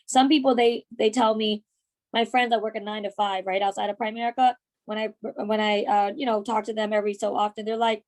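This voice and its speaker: A woman's voice: medium pitch, brisk. A woman training her sales team, telling stories and acting out the dialogue. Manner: animated storytelling, acts out quoted dialogue. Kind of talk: motivational team training talk.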